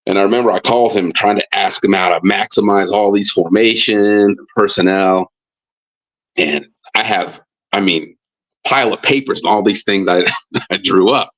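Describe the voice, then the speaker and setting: A low-voiced man, a football coach, telling a casual story on a podcast. His speech rambles with many fillers and restarts. The stream audio is dull and lo-fi. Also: moderate pace, fairly bright tone. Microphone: live stream mic.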